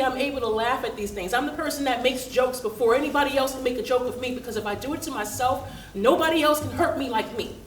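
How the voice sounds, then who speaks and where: A woman's voice: fairly high pitch, reverberant, distant mic, a little hiss or hum, rough recording. A woman in her thirties telling a candid, humorous personal story and acting out the dialogue.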